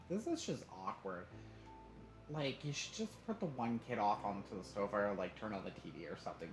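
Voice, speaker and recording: A man streaming live, reading a story game aloud with casual asides. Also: lowish voice. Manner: reads aloud with asides and laughs. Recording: roomy echo, faint noise.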